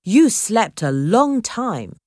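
A cheerful young deckhand, friendly and brisk, slightly raised in pitch and lively in tone, as a woman reader puts him on. The storybook voice is in a dry, close recording. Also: dry recording. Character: cheerful young deckhand boy, the captain's son.

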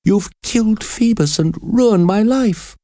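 A man reading a story voices a frightened, defiant young woman prisoner, speaking high, pleading and trembling. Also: takes it slowly, warm tone, no room sound, studio quality. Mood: outraged.

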